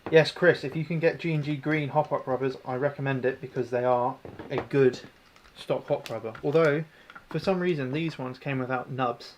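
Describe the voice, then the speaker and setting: A man's voice: medium pitch, fairly even intonation, moderate pace. Man in a casual tinker-and-chat livestream, rambling and self-mocking, mid-range voice, faint noise behind. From New Zealand. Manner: rambling, chatty, self-deprecating, answers chat. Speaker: airsoft tech livestream host. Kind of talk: casual livestream chat while working on a gun.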